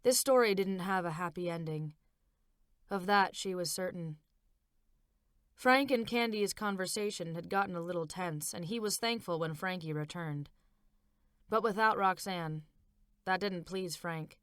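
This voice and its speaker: A woman's voice: lowish voice, smooth, dry recording, studio quality. Woman reading her novel aloud. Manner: measured, expressive reading. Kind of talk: audiobook narration.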